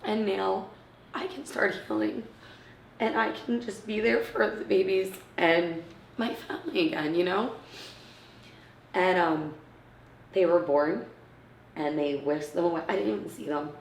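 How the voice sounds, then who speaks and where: Woman, 30s, low gravelly voice, emotional personal story with acted-out quotes, roomy distant mic. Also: unhurried, long pauses, a little hiss or hum. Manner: acts out others' words, often drops to a hushed near-whisper. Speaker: interviewee, mother of premature twins.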